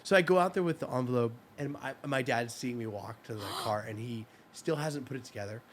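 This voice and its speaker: A young man co-hosting a podcast, telling a story in casual chat and acting out the other people's lines. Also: medium pitch. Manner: fast, animated storyteller acting out quotes. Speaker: podcast co-host.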